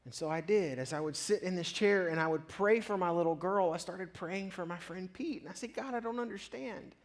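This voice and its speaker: A pastor preaching a sermon, telling a personal story with earnest honesty and swelling louder as his feelings rise. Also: high-pitched, brisk.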